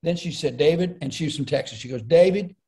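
A man's voice: on the high side, fast talker. A middle-aged man, a comedian, telling stories in conversation and acting out the voices he quotes. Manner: animated, acts out quoted voices. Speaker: comedian and speaker, podcast guest. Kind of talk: storytelling in conversation.

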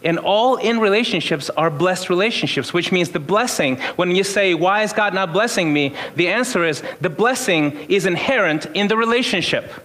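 A man in his fifties preaching in a relaxed, conversational way, moving from personal stories to his point. His voice sits a little higher than most men's. He often restarts his sentences as he talks. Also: normal speed, hardly any pauses. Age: 50s. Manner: storytelling, informal, frequent restarts. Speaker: pastor. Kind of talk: conversational sermon.

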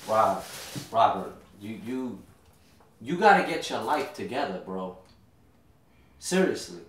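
A man's voice: fairly low pitch, big pitch swings, slow pace. A man playing an exasperated, lecturing brother. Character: exasperated older brother figure, father of a son. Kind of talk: short film acting. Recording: roomy echo, distant mic.

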